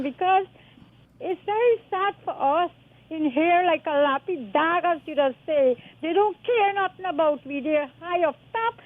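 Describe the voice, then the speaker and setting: A woman's voice: extremely high pitch, dry recording. A middle-aged woman with a Guyanese accent calling a talk radio show, distressed and pleading, calling the host son and my dear. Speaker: caller. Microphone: telephone. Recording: tinny dry phone line.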